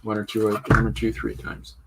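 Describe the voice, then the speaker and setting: This live stream host talks a little fast in a lowish, monotone voice, with noise in the background. He rambles and jokes, using lots of fillers, as he casually shows how he inks and colors comics.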